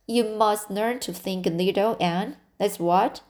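A woman's voice: medium pitch, takes it slowly, a little mellow, lightly acted. A woman reading the part of a blunt, opinionated older village woman who lectures matter-of-factly. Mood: lecturing.

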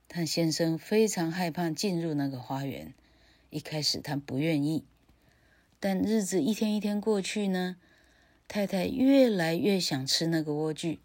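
A woman teacher reads a fairy tale aloud for learners in a careful, measured way. Her voice sits low and she takes her time, pausing between phrases. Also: darkish tone. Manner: careful, measured reading with pauses. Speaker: grammar teacher. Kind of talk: bilingual story reading for learners.

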